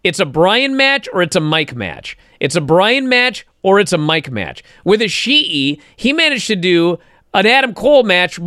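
High, lively man gushing excitedly. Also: no room sound, studio quality. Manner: animated, excitable storytelling, acts out moves. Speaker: podcast co-host. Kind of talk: excited wrestling podcast chat. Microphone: close studio mic.

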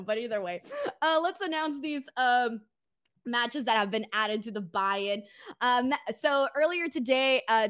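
A woman hosts a casual live recap of a wrestling show, reading viewer comments aloud. Her voice sits a little on the high side, and she talks in a rambling, conversational way, tossing in quick asides and casual swearing. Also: fairly bright tone.

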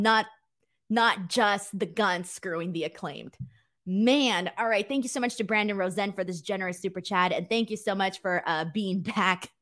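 A woman hosting a casual wrestling live stream, reading viewer messages with lots of laughter, joking and offhand swearing. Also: medium pitch. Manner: laughs often, swears casually, animated and playful. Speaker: wrestling show host.

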